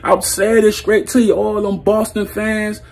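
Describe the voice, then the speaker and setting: A man's voice: high voice, level tone, a little slow, creaky, breathy edge. A man giving a blunt, heated, profane sports opinion rant as a vlog host, breaking into laughs. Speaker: sports commentary vlogger.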